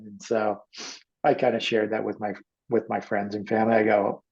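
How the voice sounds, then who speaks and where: A man's voice: on the low side, flat delivery, brisk, a little mellow, husky, muffled recording. A man telling a personal story in casual conversation, rambling with many fillers and acting out the voices of the people in it. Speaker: guest artist.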